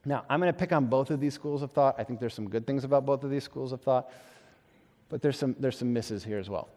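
A male pastor preaching a sermon in a conversational, animated way, with self-deprecating humor and acted-out quotes. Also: medium pitch, a little fast, big-room sound.

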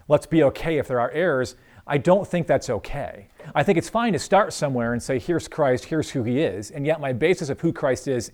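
A man leading an informal church group discussion, talking earnestly with many pauses and restarts, then closing in prayer. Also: medium pitch, darkish tone.

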